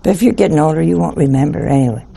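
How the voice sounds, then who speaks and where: An older woman, a nun, telling a humorous story in a slow, folksy manner. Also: sits low, lively intonation, creaky, dark tone, breathy edge. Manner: slow, folksy anecdotal delivery.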